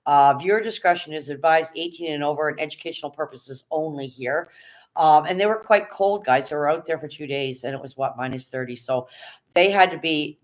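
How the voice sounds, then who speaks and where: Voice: mid-range voice, a little fast. Blunt, profane livestream host talking to chat. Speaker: live streamer. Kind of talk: casual livestream commentary.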